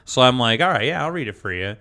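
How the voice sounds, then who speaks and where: A man's voice: mid-range voice, expressive, fast, pushed and bright. A man co-hosting a podcast, telling a long rambling anecdote in casual chat, full of fillers and laughter. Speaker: podcast co-host.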